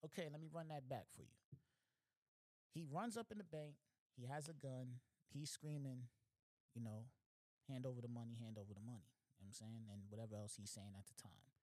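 Male podcast host, slangy, animated storytelling, medium pitch, dry close mic. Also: moderate pace, dry recording. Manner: slangy, animated, repeats "you know what I'm saying". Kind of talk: casual storytelling monologue.

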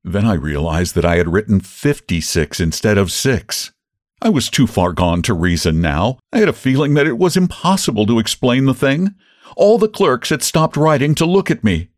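A man reading a short story aloud as host of a literature podcast, with an expressive storytelling delivery. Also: medium pitch, normal speed, dry recording, studio quality. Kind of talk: audiobook-style story narration.

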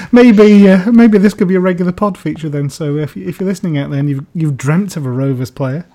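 Guy hosting a pod, mellow tone, dry teasing. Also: high-pitched, a little fast. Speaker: podcast host. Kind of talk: casual podcast chat.

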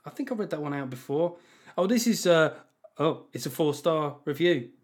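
A man hosts a podcast in a loose, rambling way. He swears freely and mocks himself. His voice sits fairly high for a man. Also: expressive, normal speed. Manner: profane, self-mocking, rambling. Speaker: podcast host. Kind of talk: casual chat.

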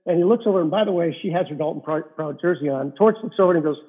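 A middle-aged man with a husky, slightly high voice tells rambling stories as a guest, leaning on fillers as he goes. He is a rink-side hockey reporter, and he comes through a tinny, phone-like line. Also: very fast. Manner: rambling anecdotes with many fillers. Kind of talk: casual storytelling interview.

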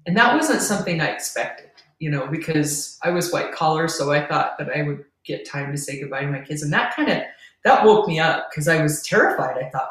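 A woman's voice: low-pitched, lively intonation, a little fast, fairly bright tone. A middle-aged woman, a podcast guest, earnestly telling a personal story and laughing between lines. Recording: roomy, distant from the mic.

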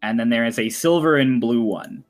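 A man runs a tabletop role-playing game and narrates the scene in a loose, chatty way. He laughs easily and fills his pauses. His pitch sits in the middle, and faint music plays in the background. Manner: chatty, laughing, with frequent fillers. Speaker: game master.

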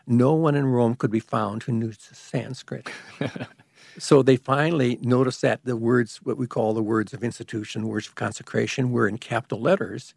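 Gravelly-voiced man explaining at length. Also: mid-range voice, steady tone, darkish tone, no echo, clean studio sound. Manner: measured, explaining at length with restarts. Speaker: guest expert on liturgy. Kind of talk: explanatory conversation.

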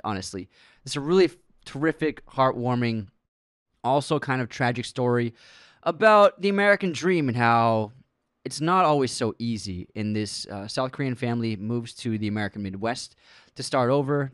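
A man's voice: mid-range voice, dry recording. Laughing male podcast co-host, dry mic. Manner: laughs while reading listener comments aloud. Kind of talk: casual podcast chat.

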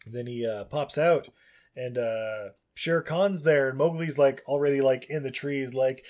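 A man recapping a movie casually as a podcast co-host, rambling and halting with many fillers. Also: mid-range voice, a little mellow.

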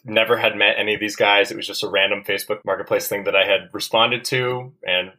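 A young male co-host chats on a podcast and tells stories about his old roommate with a playful, teasing edge. His voice sits on the low side. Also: fairly even intonation, quick pace, bright, forceful tone, rough recording. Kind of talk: casual podcast chat.

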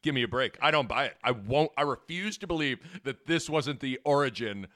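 A man's voice: medium pitch, animated, a little fast, pushed and bright. A man hosting a sports talk show, rambling casually and joking, piling on analogies. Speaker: sports radio host.

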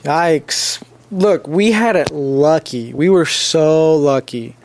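Casual, halting young man, pitched a bit high. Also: a little mellow, a little hiss or hum. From India. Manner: hesitant, many fillers and restarts. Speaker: podcast co-host. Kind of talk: casual chat.

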